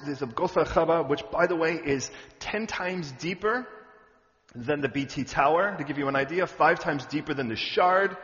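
A male pastor preaching a sermon in a church hall, conversational and humorous, with loud animated bursts. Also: fairly high pitch. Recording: echoey hall, dull lo-fi sound.

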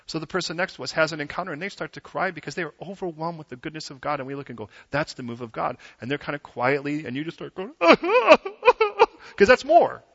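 A man preaching a sermon as pastor in a church, conversational and animated, acting out quotes in different voices. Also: a little high, fast, hardly any pauses. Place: church sanctuary. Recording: dull sound with long hall reverb.

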